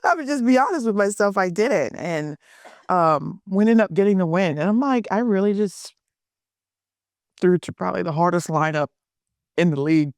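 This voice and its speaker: A woman's voice: mid-range voice, lively intonation, normal speed, dry recording, clean studio sound. A young adult woman, a guest on a casual podcast interview, telling stories animatedly and laughing often. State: pregnant. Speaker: guest, softball pitcher.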